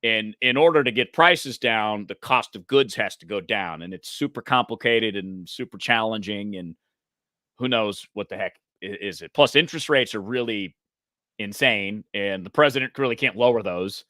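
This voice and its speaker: A man from the United States co-hosting a news talk show, animated and chatty and quick to laugh. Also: on the low side, no room sound, clean studio sound. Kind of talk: casual political chat.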